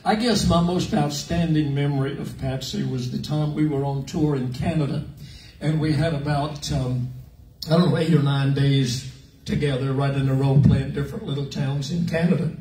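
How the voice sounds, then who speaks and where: A man's voice: mid-range voice, moderate pace. An older man, telling folksy country-music stories to a fan audience. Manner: folksy, relaxed, drawling anecdotes. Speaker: country singer on an artist panel. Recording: echoey room, mic at a distance.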